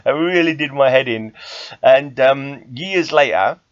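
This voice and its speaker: A man's voice: mid-range voice, a little slow, no echo. Man, casual comic book vlog, self-mocking, chuckles, muffled dry sound. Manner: chatty, self-deprecating, laughs often. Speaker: comic book vlogger and metal podcaster. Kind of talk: casual rambling monologue.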